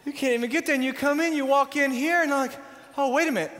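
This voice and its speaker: A man in his forties preaching a sermon, telling animated stories and acting out scenes. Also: very high-pitched, quick pace. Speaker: pastor. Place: large church worship center. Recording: long hall reverb.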